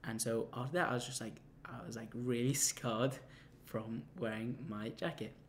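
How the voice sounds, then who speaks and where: Young man, casual storytelling, halting, restarts and fillers, faint background hum. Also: medium pitch, fairly even intonation, vocal fry. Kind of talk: casual anecdote telling.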